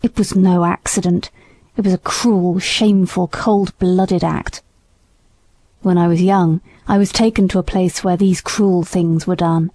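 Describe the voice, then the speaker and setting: Brief: indignant old male horse, low and hushed, mellow tone, dry read, as a woman narrator puts him on. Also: fairly even intonation, unhurried, dry recording.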